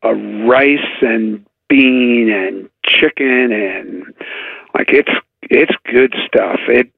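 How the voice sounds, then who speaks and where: A man talking casually about baseball on sports radio, chatty and halting, with sarcastic asides. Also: medium pitch, gravelly, slightly rough, no room sound. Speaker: baseball writer guest. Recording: dry tinny phone line.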